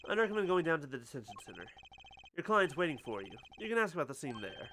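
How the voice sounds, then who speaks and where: A performer voicing a dry, teasing older male lawyer who talks in an unhurried, knowing way, in a fan voice-over of a game. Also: medium pitch, very animated, sharp tone, a little hiss or hum. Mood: calm. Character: calm, wry older male lawyer mentor.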